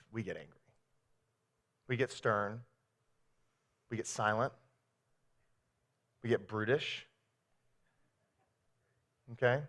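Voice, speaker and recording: A man's voice: mid-range voice, fairly bright tone. A man preaching a sermon as pastor, telling stories with playful acted quotes.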